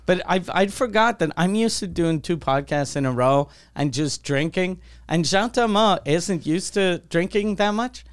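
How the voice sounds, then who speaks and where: A man hosting a podcast, telling a story in a casual, animated and profane way, acting out the voices of the people he quotes. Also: sits high, measured pace, few pauses, clean tone. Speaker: podcast host.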